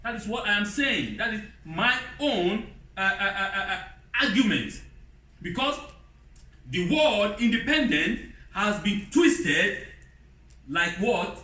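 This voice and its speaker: A man preaching a sermon in non-native English with broken grammar, lively, mimicking other voices in a high pitch. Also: slow, long pauses. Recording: roomy hall, voice from a distance.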